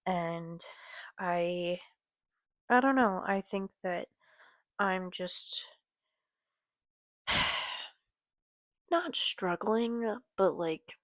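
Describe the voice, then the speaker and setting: Young woman, slow halting vlog talk, gravelly low voice, dry close sound. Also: no echo. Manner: halting, many ums and sighs, soft trailing voice. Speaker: vlogger. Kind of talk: casual late-night talk to camera. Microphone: computer or phone camera.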